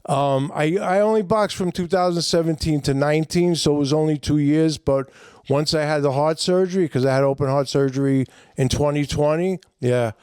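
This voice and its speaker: A middle-aged man with a New York accent, a comedian guest telling a long story in a rambling, animated way with lots of fillers. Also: a little high, moderate pace, smooth, dry recording, clean studio sound. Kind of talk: casual storytelling.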